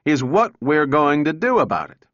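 A man voicing an excitable young male engineer who talks in an urgent, raised way for an audiobook. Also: a little high, takes it slowly, no room sound, lo-fi sound, voice pushed up, exaggerated voice. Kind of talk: audiobook character reading.

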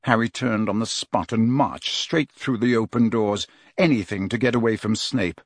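A man reading an audiobook as narrator, in steady, measured storytelling. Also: fairly low pitch, no room sound. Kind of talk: scripted narration.

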